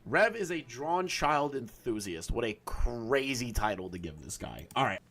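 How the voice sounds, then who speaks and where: A man's voice: medium pitch, sing-song, moderate pace, a bit bright. A man on a stream, mocking and exasperated in casual chat. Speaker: stream co-host.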